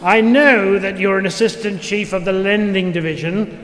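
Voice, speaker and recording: A man's voice: high-pitched, a bit bright. A man doing a grave, polite giant frog. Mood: earnest. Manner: slow, formal and courteous. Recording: roomy with long reverb, faint noise.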